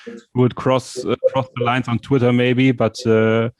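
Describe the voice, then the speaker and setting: A man's voice: mid-range voice, little pitch movement, measured pace. A man hosting a podcast interview, asking questions in a coaxing, playful way and stumbling over his words.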